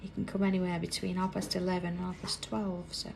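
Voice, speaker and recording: A British woman hosting a live craft tutorial, chatting as she works and dropping to a soft whisper while she draws. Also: on the low side, flat delivery, quick pace, vocal fry, background noise. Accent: British English. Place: busy indoor craft workroom.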